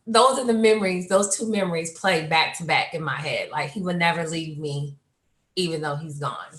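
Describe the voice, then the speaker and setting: A woman panelist telling personal memories in an animated way, jumping high when she quotes herself. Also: normal speed, reverberant. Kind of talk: personal storytelling.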